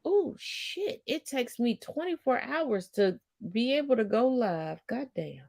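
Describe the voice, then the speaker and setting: Loud teasing woman in her 40s, high bouncy voice, cussing, dry close mic. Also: unhurried, gravelly, no echo. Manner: brash, profane and teasing, swoops up loud when excited. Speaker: co-host. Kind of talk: loud casual live-stream banter.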